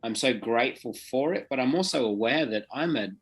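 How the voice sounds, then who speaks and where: A man from England hosting a podcast, halting and searching for words as he is moved by what he hears. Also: medium pitch, expressive, breathy edge, soft background music. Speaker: podcast host, teacher. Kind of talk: podcast interview.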